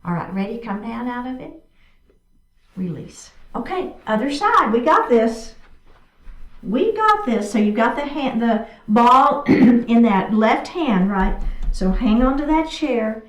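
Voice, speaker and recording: A woman's voice: fairly high pitch, expressive, a little slow. A woman chair yoga instructor, cueing each movement step by step in an encouraging way during a guided class. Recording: echoey room from a distance.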